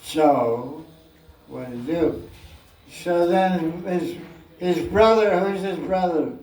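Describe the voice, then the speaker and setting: A man's voice: on the high side, slow, a little mellow. A man giving a scripture class as spiritual teacher, telling stories playfully and acting out scenes, recorded from a distance in an echoey room.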